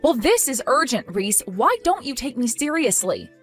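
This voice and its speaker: A woman's voice: fairly high pitch, big pitch swings, moderate pace, husky, faint music behind. A woman voicing a defensive, exasperated young wife in a text-story drama, pleading and indignant.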